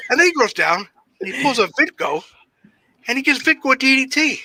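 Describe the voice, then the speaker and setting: A man with a very bright, sharp tone tells old stories in a loose, profane way. His pitch sits high and leaps around as he acts out quotes and laughs. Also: fairly quick, no room sound, rough recording. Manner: animated, swearing, acts out quotes with big laughs. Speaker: guest wrestler. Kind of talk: casual shoot interview storytelling.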